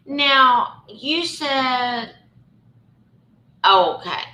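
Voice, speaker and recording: A woman with a Southern US accent hosts a casual live chat. She speaks very slowly and carefully, with a bright voice. The sound bounces around an echoey room. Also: high-pitched, lively intonation. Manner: slow and careful, hesitant. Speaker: live stream host.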